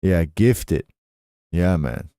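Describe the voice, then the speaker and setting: A man's voice: low-pitched, lively intonation, very slow, warm tone, dry recording, clean studio sound. A young adult man telling stories casually on a live stream, swearing freely and slipping into voices when he quotes people.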